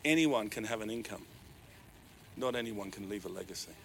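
A man preaching a sermon as pastor, animated, with sudden swings between loud, raised lines and quiet asides. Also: fairly low pitch, brisk, vocal fry, slight background noise.

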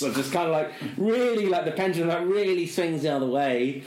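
A man's voice: a little high, expressive, a little fast, few pauses, roomy sound, crowd noise. A middle-aged man, co-hosting a casual chat and telling a long self-mocking story, full of fillers. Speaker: podcast co-host.

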